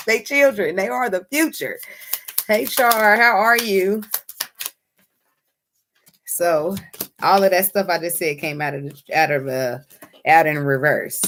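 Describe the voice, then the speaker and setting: A woman giving a casual tarot reading, blunt, excitable and swearing freely. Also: lowish voice, moderate pace, slight background noise. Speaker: tarot reader.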